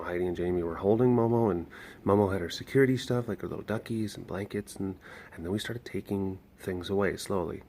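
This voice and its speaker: A young man with a somewhat low voice talks through updates in a loose, rambling vlog manner. He restarts sentences often and leans on fillers as he explains things to his viewers. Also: darkish tone. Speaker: animal sanctuary caretaker. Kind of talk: casual vlog talk.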